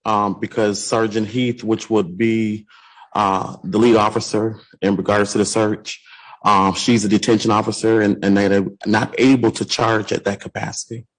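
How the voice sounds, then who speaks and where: A man's voice: lowish voice, level tone, moderate pace, poor audio. A man testifying as a sheriff's deputy at a court hearing, formal and hesitant, answering with "yes, sir".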